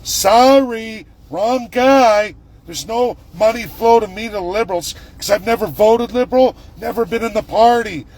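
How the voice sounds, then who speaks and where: A man's voice: high voice, brisk, few pauses, warm tone. A man from Alberta, delivering an angry, profane political rant to his followers. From Alberta, Canada. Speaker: political vlogger.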